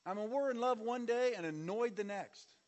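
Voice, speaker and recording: A man preaching a sermon as pastor, calling on the congregation to repeat after him and swinging between loud and soft. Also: sits high, normal speed. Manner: preaching with audience call-and-response and sweeping shifts in volume. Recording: long reverb of a large hall.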